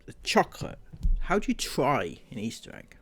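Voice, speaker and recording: A man's voice: mid-range voice, huge pitch swings, moderate pace, breathy edge. A man hosting a commentary channel, reacting in a sarcastic, incredulous way.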